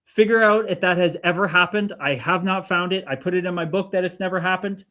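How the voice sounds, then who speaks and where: A man in his thirties chats on his own livestream and reads viewer comments aloud. His voice sits a little high, and he talks with a profane, fired-up energy that keeps turning to preachy spiritual phrases. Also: steady tone, brisk, pushed and bright. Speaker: livestream host. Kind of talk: casual livestream chat reading comments. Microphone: streaming mic.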